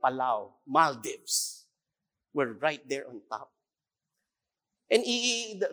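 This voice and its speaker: A man's voice: sits high, a bit bright. A male pastor with a Filipino accent preaching a sermon, emphatic and repeating key phrases, sometimes switching into Tagalog. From Philippines.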